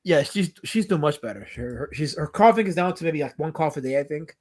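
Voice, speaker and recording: A man's voice: fairly high pitch, animated, a little mellow. A man hosting a livestream in casual banter, ranting in mock outrage and answering the chat. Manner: indignant, mock-outraged rants; fast, restless, talks back to chat. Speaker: livestream host.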